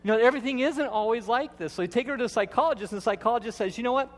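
A man's voice: extremely high pitch, rapid-fire. A man who is the lead pastor, giving a sermon in a church with folksy, playful storytelling. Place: church sanctuary. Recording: long hall reverb.

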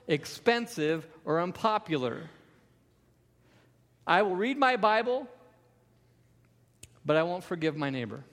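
A man's voice: high-pitched, big-room sound. A man preaching a sermon as pastor, emphatic, with repeated refrains.

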